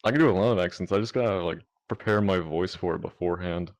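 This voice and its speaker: Low, deep Mississippi man, easygoing guest, plain-spoken chat. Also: fast talker. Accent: Southern US, Mississippi. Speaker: guest, amateur voice actor. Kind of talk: casual chat. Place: virtual reality chat room.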